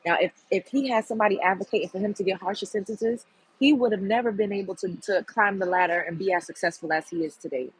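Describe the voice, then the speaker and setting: A woman's voice: mid-range voice, quick pace, husky, no room sound, poor audio. A woman hosting a livestream, giving a blunt, heated and profane commentary rant to her viewers. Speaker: livestream host.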